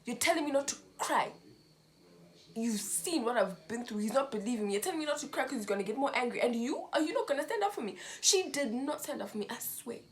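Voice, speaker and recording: A woman's voice: on the high side, fast, slight background noise. A young woman from Zimbabwe telling a storytime vlog, recounting events with emotion and acting out what people said. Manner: emotional, animated retelling with quoted dialogue. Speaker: vlogger.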